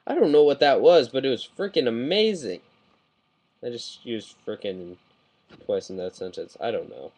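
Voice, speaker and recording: Recorded on a webcam mic, a man rambles casually through a model kit review, getting excited and often correcting himself mid-sentence. His voice sits in the mid-range, his pace is moderate, and the recording quality is low.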